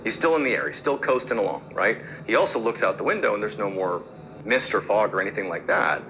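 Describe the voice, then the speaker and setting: A man's voice: on the low side, lively intonation, fast, pushed and bright, low-quality recording. A man hosting a podcast, telling a story casually and conversationally, with fillers and repeated words. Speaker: podcast host.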